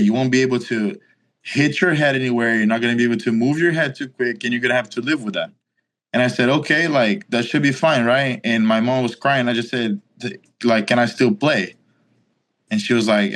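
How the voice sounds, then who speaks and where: Here a Brazilian-accented young man in his twenties, Portuguese being his first language, speaks briskly in a mid-range voice. He's casually telling a story as an interview guest, bringing it to life by acting out what people said and using "like" often.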